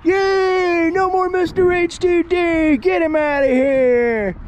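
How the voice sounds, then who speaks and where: A man mimicking shrill, gleeful haters. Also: fairly even intonation, slow pace, slight background noise. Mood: gloating. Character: jeering gleeful online haters, high and shrill.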